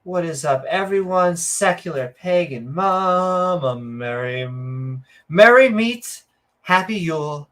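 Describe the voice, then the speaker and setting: A woman's voice: on the low side, lively intonation, slow pace, fairly bright tone. A woman co-hosting a casual podcast, reading out viewer comments in a rambling, joking way with lots of fillers and self-corrections. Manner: sarcastic, joking. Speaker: podcast co-host.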